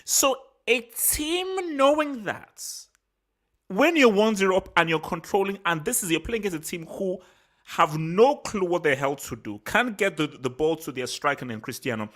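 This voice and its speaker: Heated football vlog host, lively swooping pitch, slangy and repetitive, openly angry. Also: moderate pace. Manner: animated, repetitive, slangy and self-assured; worked up and angry. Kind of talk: solo post-match reaction rant.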